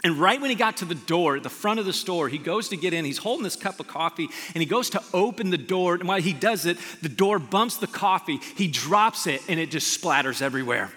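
A man preaching a sermon as pastor, telling stories with animated energy. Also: sits high, fairly quick, few pauses. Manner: animated storytelling, shouts in retold scenes. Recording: long hall reverb.

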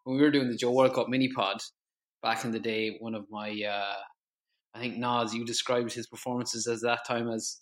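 A man's voice: mid-range voice, flat delivery, normal speed. Hesitant man on a podcast. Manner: rambling, hesitant. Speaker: podcast panelist. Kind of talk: casual football chat.

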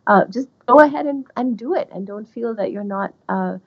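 A woman's voice: fairly high pitch, normal speed, lo-fi sound. A woman guest talking through legal ideas in a hesitant way, with many fillers and restarts. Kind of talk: academic conversation.

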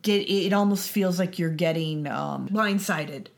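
A woman co-hosting a casual chat about running tabletop games, chatty, with quick affirmations and little acted-out exchanges. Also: fairly low pitch, vocal fry. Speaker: podcast co-host.

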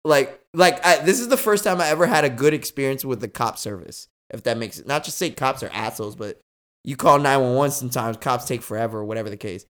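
A young man hosting a podcast, telling a story in casual chat, slangy and animated, swearing freely. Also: medium pitch, quick pace. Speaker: podcast host.

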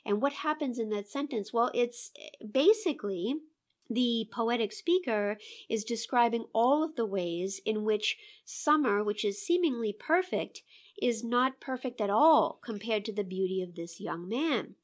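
A woman's voice: a little high, animated, a little slow. A woman, a poet and English professor, co-hosting a poetry podcast and walking through her reading of a poem in an engaged, questioning way. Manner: engaged, asks herself questions while analyzing. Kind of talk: conversational literary discussion.

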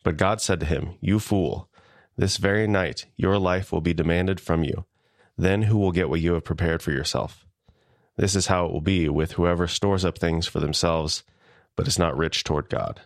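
A man co-hosting a podcast, reading a scripture passage aloud in a measured, steady way. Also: sits low, vocal fry, no room sound, studio quality. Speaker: podcast co-host.

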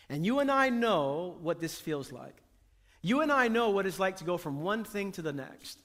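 A man preaching with an emphatic, repetitive cadence, stacking phrase on phrase and calling out to the people in front of him. His voice sits notably high for a man. A long reverb trails each line, as in a large church sanctuary. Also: a bit bright. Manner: emphatic preaching with repeated phrases and call to the congregation. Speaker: pastor. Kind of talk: sermon.

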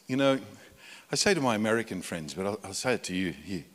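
An Australian man, a pastor, preaching a conversational sermon that swings from loud emphatic peaks to quiet low asides. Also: lively intonation, fast talker. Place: church. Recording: long hall reverb in a church.

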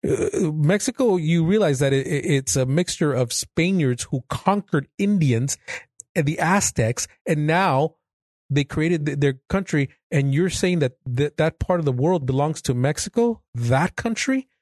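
A man hosting a casual podcast chat, talking quickly and restarting his words often. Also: a little high, lively intonation, a little mellow, dry recording, clean studio sound. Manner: rapid, with many restarts and stammers. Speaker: podcast host.

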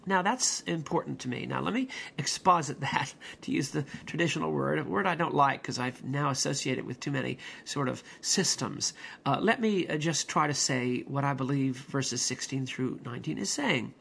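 A man's voice: medium pitch, moderate pace, vocal fry, a bit bright, slight background noise. A man preaching a rambling, digressive sermon with many fillers, restarts and folksy asides. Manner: folksy pop-culture asides.

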